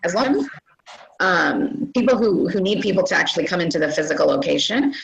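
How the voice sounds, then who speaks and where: A woman with a low-pitched voice, the guest expert on an online webinar. She explains casually and relaxedly, her speech peppered with fillers. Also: lively intonation, fairly quick, creaky, poor audio.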